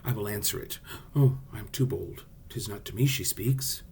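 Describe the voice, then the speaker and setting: A man acting out young, lovestruck Romeo with a hushed, theatrical Shakespeare recitation. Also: fairly low pitch, moderate pace, creaky, a little hiss or hum.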